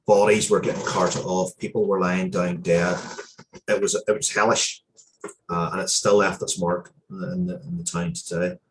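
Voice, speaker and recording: A man telling a story as an interview guest, earnest and heartfelt, often pausing and restarting his sentences. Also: deep voice, level tone, a little hiss or hum. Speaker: interview guest, comic book writer.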